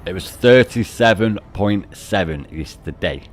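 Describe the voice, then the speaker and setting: This British English-accented, middle-aged man from the United Kingdom keeps up casual game-stream chat full of swearing and laughter. He sounds deep and animated yet unhurried, with a little hiss or hum in the recording.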